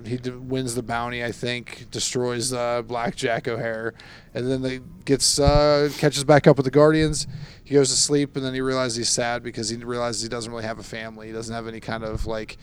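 A man's voice: mid-range voice, level tone, moderate pace, clean tone. A man co-hosting a casual comic chat, summarizing a story with many fillers and restarts. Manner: hesitant, filler-heavy. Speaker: podcast co-host.

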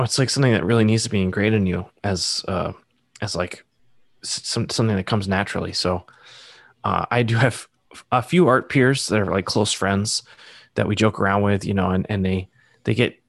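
A man's voice: on the low side, fairly quick, gravelly, no room sound, clean studio sound. A man in his thirties from Massachusetts, chatting casually as an artist guest, rambling with lots of fillers. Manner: rambling, filler-heavy, self-deprecating. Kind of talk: casual interview chat.

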